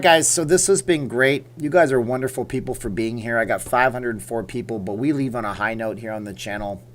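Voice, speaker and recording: A man's voice: on the low side, a little hiss or hum. A man hosting a casual livestream from home, rambling and reading viewer comments aloud. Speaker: livestream host.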